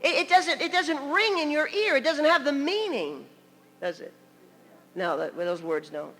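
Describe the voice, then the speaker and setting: A woman's voice: sits high, sing-song, normal speed, fairly bright tone, big-room sound. An older woman from New York preaching a sermon as a story, chatty, with laughing asides and many "you know"s.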